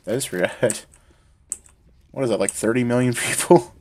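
A man's voice: mid-range voice, moderate pace, crowd noise. A man live-streaming a game from home, chatting casually and cracking jokes with lots of swearing. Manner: joking and profane. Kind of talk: casual gaming chat.

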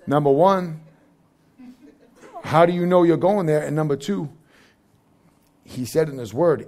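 A man's voice: high voice, expressive, moderate pace, pauses often, darkish tone. A young adult man preaching a sermon as pastor, conversational and joking, with frequent asides.

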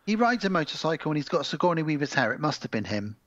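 A man's voice: a little high, sing-song, lo-fi sound, crowd noise. A man co-hosting a podcast, chatting casually about films with jokes and swearing. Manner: jokey, swears, acts out film scenes in quick voices. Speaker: podcast co-host.

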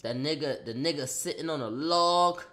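A young man telling a wild personal story, excitable and profane, acting out a fight with loud sound effects and rambling restarts. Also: a little high, moderate pace. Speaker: storyteller vlogger. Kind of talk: animated storytelling.

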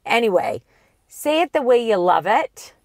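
A woman's voice: fairly high pitch, very animated, measured pace, dry recording, studio quality. A Canadian woman co-hosting a casual car chat, reading out viewer questions in a chatty way. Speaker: car show co-host.

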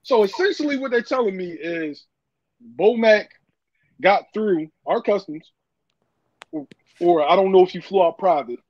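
A man's voice: high-pitched, expressive, a little slow, long pauses, darkish tone, no room sound. A man arguing heatedly on a podcast panel, stuttering and swearing as he makes his points. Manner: agitated, stuttering, profane. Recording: dull lo-fi audio.

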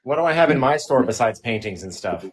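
A man's voice: mid-range voice, lively intonation, quick pace. A man hosting a painting channel's livestream, casually walking viewers through his online shop.

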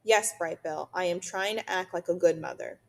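A woman voicing a calm, polite female robot mother who speaks in formal, precise sentences in a storybook reading. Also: lowish voice, normal speed, creaky. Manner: formal, precise, even-toned.

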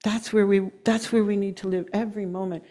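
A middle-aged woman giving an earnest, emotional sermon, slowing down to press her points and laughing at herself now and then. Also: mid-range voice, steady tone, dark tone. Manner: earnest, emotional, with slow emphatic stretches and laughs. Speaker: guest speaker.

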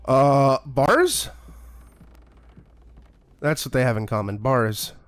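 A man's voice: mid-range voice, big pitch swings, takes it slowly, dry recording. A man streaming a horror game, talking in a casual, profane, sarcastic way and playing up being scared. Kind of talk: casual gameplay commentary.

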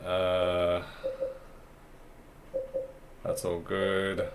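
A man with a low voice talks his way through a horror game playthrough. His commentary is casual and chatty, thinking out loud as he goes. A faint hiss sits behind him. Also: monotone, extremely slow. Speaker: gaming channel host. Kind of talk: let's play commentary.

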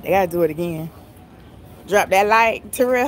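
A woman's voice: lowish voice, normal speed. A woman live-streaming a vlog on her phone while walking around a busy outdoor tailgate, chatting playfully with viewers and greeting them by name. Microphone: phone held while walking. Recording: phone recording with outdoor background noise.

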